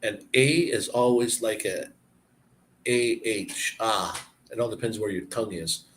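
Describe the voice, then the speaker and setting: A man chatting casually and explaining words, halting and searching for words as he goes. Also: lowish voice, a little hiss or hum. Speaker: person explaining language to a visitor. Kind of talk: casual chat.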